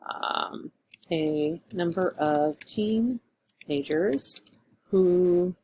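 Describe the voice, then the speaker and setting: A woman writing instructor talking through comments on a student's rough draft in a casual, thinking-aloud way, with lots of fillers and some dry sarcasm. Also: on the low side, extremely slow, mellow, a little hiss or hum. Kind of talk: screen-recorded essay feedback walkthrough.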